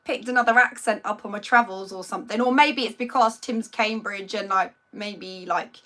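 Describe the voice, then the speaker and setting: A woman's voice: medium pitch, moderate pace, fairly bright tone. A woman from Norfolk with a Norfolk accent, hosting a casual live stream, chatty and self-deprecating, tripping over her words as she greets viewers. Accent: Norfolk English. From Norfolk, England. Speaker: livestream host. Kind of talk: casual live chat reading out viewers' names.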